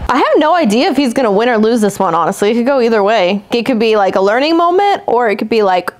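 A woman's voice: on the high side, very animated, fast, few pauses, over music. Giggly young woman reacting to a movie. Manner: giggly, gushing, frequent laughs and "like". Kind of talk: casual reaction commentary.

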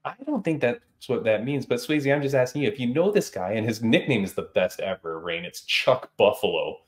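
A man hosting a podcast, chatting in an animated, teasing, gossipy way. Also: medium pitch, fairly quick. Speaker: podcast host. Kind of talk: casual chat.

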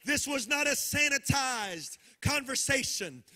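A male pastor preaching a live sermon with passion, rising into shouts and a sung preaching cadence. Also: extremely high pitch, lively intonation, a little slow.

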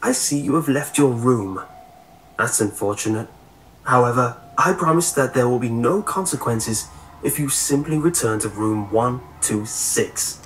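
A man's voice: medium pitch, animated, unhurried. A man voicing a menacing, coldly polite lunch lady speaking over an intercom. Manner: polite, cold. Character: menacing woman lunch lady, calm and cold. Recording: roomy echo, faint hiss.

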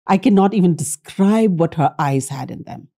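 Middle-aged woman, animated interview storyteller, dark, gravelly voice. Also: on the low side, moderate pace. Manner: animated, acts out quoted dialogue. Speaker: academic guest.

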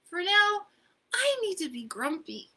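A woman's voice: extremely high pitch, sing-song, measured pace, bright, forceful tone, voice pushed up, heavily acted. A woman voicing a grumpy young male chimp in a storybook reading, insistent and indignant. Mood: glum.

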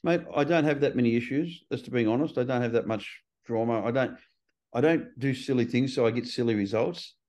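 Blunt older male guest, sixties, salty storyteller, mid-pitched voice. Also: fairly quick. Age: 60s. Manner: blunt, swears freely, animated storytelling. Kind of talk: casual podcast conversation.

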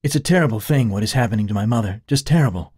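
A man's voice: on the low side, animated, brisk, dark tone, no room sound, studio quality, voice pushed up. A man voicing an anxious woman in her late thirties, a wealthy daughter who snaps back lightheartedly.

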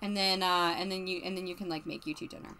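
A woman's voice: fairly low pitch, steady tone, fast, sharp tone, a little hiss or hum. A woman streamer giving casual, chatty let's-play commentary and narrating her game characters.

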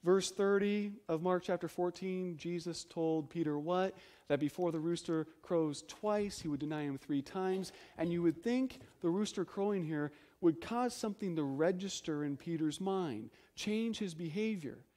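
A pastor with a high, bright voice preaches emphatically at normal speed, repeatedly posing rhetorical questions. Between loud, stressed words he sinks into hushed, low phrases.

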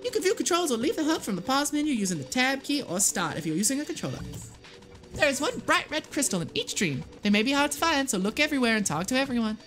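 A woman doing a squeaky little dream guide. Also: big pitch swings, fast talker, fairly bright tone, soft background music. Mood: chirpy.

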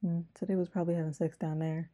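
A young woman hosting a movie reaction, talking quietly and close to a whisper with wry quips. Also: fairly low pitch, little pitch movement, quick pace. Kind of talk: hushed movie reaction chat.

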